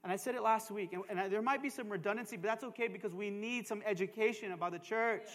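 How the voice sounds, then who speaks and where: Male pastor, sermon, very high pitch, chatty and emphatic with calls to the crowd, long church reverb. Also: fast, a bit bright. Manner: emphatic preaching with call-and-response asides; joking, conversational asides. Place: church sanctuary.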